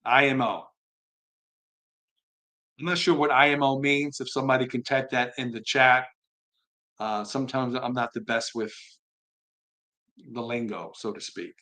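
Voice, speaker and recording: A man hosting a live stream, reading viewer comments aloud and answering them in an earnest, unhurried way. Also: medium pitch, steady tone. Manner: earnest, soft-spoken, admits being slow tonight.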